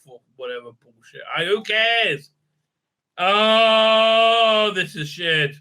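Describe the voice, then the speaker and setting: Male reviewer, sarcastic and foul-mouthed, stumbling through fillers; sharp, somewhat high voice. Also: animated, clean tone. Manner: sarcastic, profane, halting with many fillers. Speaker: TV show reviewer. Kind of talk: ranting recap and review.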